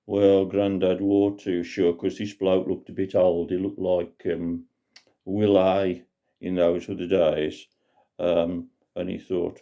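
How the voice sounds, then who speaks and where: A man's voice: deep voice, unhurried, mellow. A man telling a comic folk tale in a chatty, rambling way. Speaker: storyteller. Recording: dull lo-fi recording.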